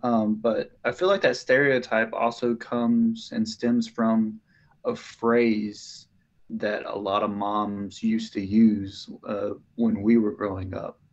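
A man co-hosting a casual podcast, speaking in a measured, reflective way and thinking aloud. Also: lowish voice, steady tone, lo-fi sound. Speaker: podcast co-host.

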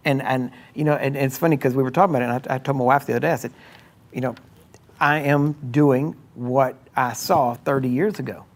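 A middle-aged man preaching a sermon in a conversational way, often asking "Why?" and "Amen?", and at times rising into loud, high exhortation. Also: steady tone, brisk. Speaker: pastor.

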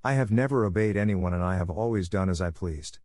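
A man's voice: fairly low pitch, sing-song, fairly quick, darkish tone, dry recording, clean studio sound. A man voicing a tearful marionette boy who pleads and sobs. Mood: remorseful. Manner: sobbing, pleading.

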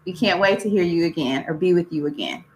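A woman's voice: lowish voice, lively intonation, fast talker, noisy background. A woman hosting a podcast who wraps up the episode with encouraging advice for her listeners. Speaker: podcast host. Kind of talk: casual podcast chat. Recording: roomy echo.

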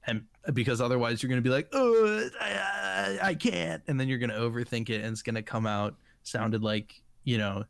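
A man's voice: medium pitch, little pitch movement, quick pace, few pauses, dry recording. A man co-hosting a casual comedic chat, laid-back and drawling, with jokes trailing off.

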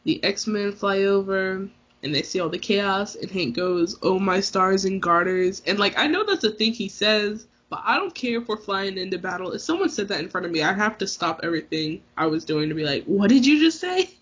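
A woman's voice: mid-range voice, fairly quick, a bit bright, breathy edge. A woman co-hosting a podcast, casually recapping a movie with slang and frequent laughter. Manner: laughs a lot, slangy retelling. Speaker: podcast co-host. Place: hot indoor room with fan. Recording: muffled lo-fi sound.

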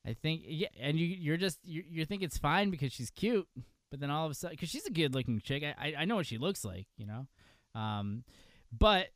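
A man's voice: a little high, lively intonation, fairly quick, a bit bright, dry recording, studio quality. A man from upstate New York with a New York accent, hosting a casual wrestling podcast, joking and laughing often. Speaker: podcast host.

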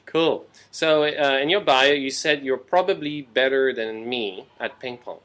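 A man hosting a podcast in casual chat, easygoing and quick to agree and laugh along. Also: medium pitch, a bit bright. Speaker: podcast host.

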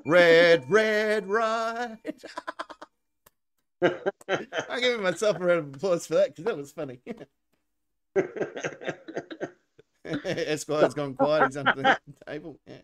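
A man's voice: sits high, sing-song, slow pace, vocal fry, long pauses. A man hosting a casual live comedy show, laughing often and handing out points. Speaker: host.

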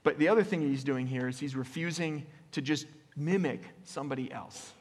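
A man preaching a conversational sermon as pastor, often checking in with the congregation with a quick "right?" and restarting his phrases. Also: on the high side, breathy edge. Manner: casual, with frequent "right?" tag questions and restarts. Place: church sanctuary. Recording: long reverb of a church hall.

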